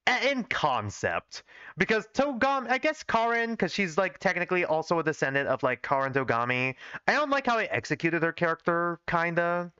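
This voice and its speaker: A man's voice: fairly high pitch, sharp tone, clean tone, no room sound, highs cut off. A young man casually reading his old fanfiction on a livestream, rambling and critiquing his own writing. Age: young adult. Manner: self-critical, rambling with fillers.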